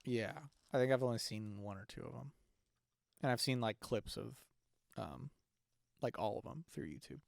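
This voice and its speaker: A man's voice: medium pitch, normal speed, vocal fry, pauses often, no room sound, clean studio sound. A young man co-hosting a podcast in casual chat, rambling with lots of fillers and restarts. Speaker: podcast co-host.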